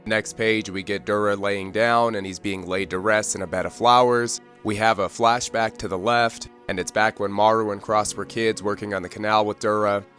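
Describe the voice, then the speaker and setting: Male recap host, casual and chatty, lower-pitched, faint background music. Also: fairly even intonation, normal speed, few pauses, fairly bright tone. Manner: reads dialogue aloud in a loose conversational way, "kinda", "like". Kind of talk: casual manga recap narration.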